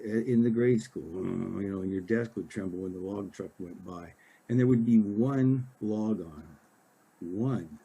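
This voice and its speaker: An older man from Oregon, an author giving a casual library talk, halting with many fillers and restarts. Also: sits low, dark tone, slight background noise.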